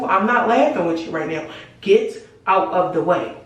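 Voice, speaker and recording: A woman's voice: on the low side, expressive, normal speed. A teenage girl telling a story to camera in casual chat, swearing freely and acting out the dialogue. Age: teens. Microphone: camera mic at a distance. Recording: very echoey room, far from mic.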